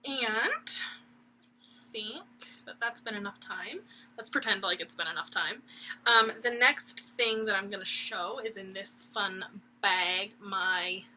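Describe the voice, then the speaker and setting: A woman's voice: mid-range voice, bright, forceful tone, slight background noise, low-quality recording. A young woman, chatting casually and rambling with giggles about her stitching projects at home. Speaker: cross-stitch vlogger. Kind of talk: casual chat.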